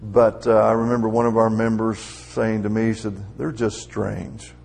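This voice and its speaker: A man's voice: fairly low pitch, monotone, a little fast, darkish tone, faint music behind. A middle-aged man preaching a conversational sermon, building to emphatic, raised peaks.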